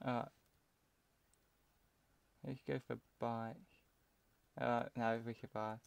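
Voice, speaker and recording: A young British man gives slow, unhurried commentary on a game he is playing. His voice sits at an ordinary pitch and is recorded dry and close. He rambles to himself and often trails off mid-sentence. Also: flat delivery, gravelly, smooth, no room sound. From United Kingdom. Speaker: let's play commentator.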